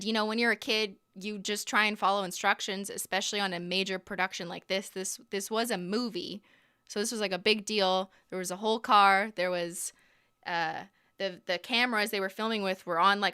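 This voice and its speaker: A young woman talks casually to her livestream audience with a bright, crisp voice. She laughs often and trails off into restarts. The sound is close and dry. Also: medium pitch, fairly even intonation, normal speed, no echo. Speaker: livestream host.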